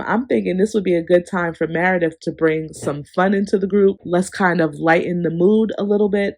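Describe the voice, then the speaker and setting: A reviewer giving a casual, opinionated recap of a reality TV episode, talking straight to viewers with sassy asides and big animated pitch jumps. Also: no echo.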